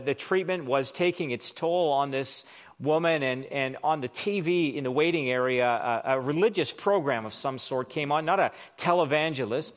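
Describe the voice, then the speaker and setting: A man delivering a sermon in a slightly higher-pitched voice. He reads scripture slowly and deliberately. He lifts the quoted words with dramatic emphasis. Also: a bit bright. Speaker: pastor.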